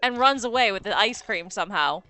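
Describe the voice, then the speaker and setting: Talking fairly quickly at a medium pitch, this young American streamer co-hosts a game broadcast. Her casual chat over gameplay is animated storytelling packed with laughter and fillers.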